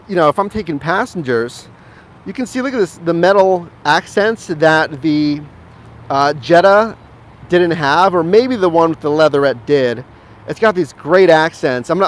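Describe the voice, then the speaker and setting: A fairly high-voiced man talks excitedly while walking viewers around a car he films on his phone. He keeps calling the audience guys and gushing about the interior. It is a casual live-stream walkthrough recorded in and around the car. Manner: enthusiastic, chatty, addresses viewers as guys. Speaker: rideshare driver and streamer. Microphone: handheld phone camera.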